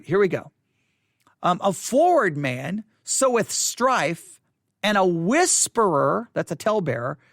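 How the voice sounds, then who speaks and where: A man leading a Bible study, teaching in an animated way, often restarting and repeating phrases. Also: sits high, dry recording, clean studio sound.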